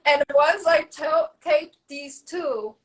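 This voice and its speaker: A woman telling stories in a casual interview, animated and full of fillers and restarts, acting out quoted dialogue. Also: high-pitched, takes it slowly, poor audio. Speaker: guest.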